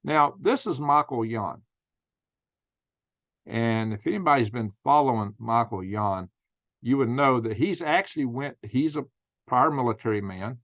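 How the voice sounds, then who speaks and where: Man, gravelly voice, casual news commentary, folksy, dry dull recording. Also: mid-range voice, lively intonation, a little slow, fairly bright tone, no echo. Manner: musing, rhetorical questions, folksy slang. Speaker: channel host.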